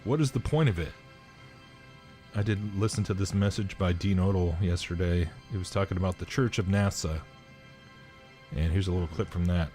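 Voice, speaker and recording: A man with a very deep, low voice speaks in earnest, circling back over his phrases as he builds a point. Faint music plays beneath him. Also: fairly even intonation, fairly quick, warm tone. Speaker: commentator in a played clip. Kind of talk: monologue commentary.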